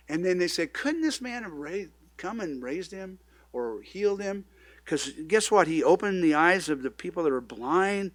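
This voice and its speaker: A middle-aged man who pastors a church, preaching in a loose, conversational way, now loud and now hushed. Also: a little high, dry recording. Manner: conversational, animated preaching with sudden swings in loudness. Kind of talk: sermon.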